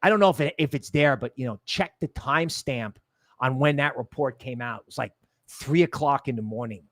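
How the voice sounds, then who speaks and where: A man hosting a casual livestream, talking in a rambling, jokey way and dropping into low asides. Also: brisk, a bit bright, dry recording. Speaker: crypto livestream host.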